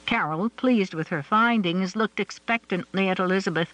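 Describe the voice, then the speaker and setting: A man reading a novel aloud in a measured, even storytelling manner. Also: high voice, poor audio. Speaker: audiobook narrator. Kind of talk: scripted narration.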